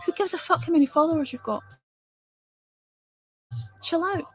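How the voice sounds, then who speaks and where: A woman's voice: extremely high pitch, moderate pace, no room sound, soft background music. A woman chatting with viewers on a livestream, blunt and full of swearing as she rants. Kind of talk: casual live-stream chat.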